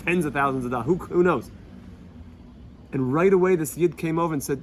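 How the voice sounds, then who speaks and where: A man's voice: on the high side, a little fast, long pauses, slight background noise. A man, a rabbi, telling stories in an earnest Torah talk, repeating himself and sprinkling in Yiddish and Hebrew words. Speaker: rabbi teaching a weekly Torah lesson. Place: Jerusalem.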